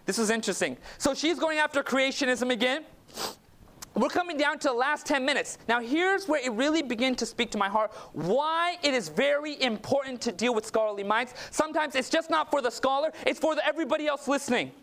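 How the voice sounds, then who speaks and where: A man's voice: extremely high pitch, animated, a little fast, fairly bright tone. A male preacher telling a personal story in a sermon, chatty and anecdotal, often checking in with "okay?". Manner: anecdotal, conversational, with frequent "okay?" asides.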